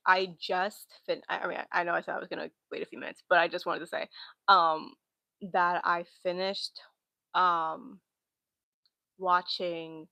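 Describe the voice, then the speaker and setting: Gravelly, bright-voiced young woman chatting. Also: lowish voice, no room sound. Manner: rambling, chatty, giggly. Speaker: livestream host. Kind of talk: casual livestream chat. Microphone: laptop mic.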